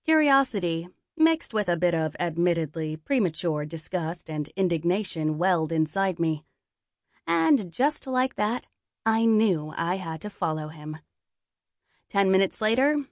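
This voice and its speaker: A young adult woman narrating a first-person audiobook, lively and wry. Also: fairly low pitch, dry recording, studio quality.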